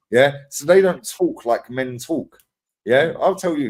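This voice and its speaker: A man talks in casual podcast chat, acting out quotes and swearing freely. His pitch jumps around a lot as he tells his stories. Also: normal speed. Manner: animated storytelling, acts out quotes, swears freely, lots of slang. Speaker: podcast co-host.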